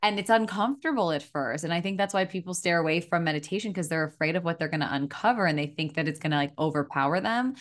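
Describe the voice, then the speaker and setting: A woman's voice: on the low side, fast talker, hardly any pauses. A woman in her thirties hosting a podcast, casual and affirming, with many filler words. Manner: warm affirming listener, lots of "like" and "mm-hmm". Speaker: podcast host.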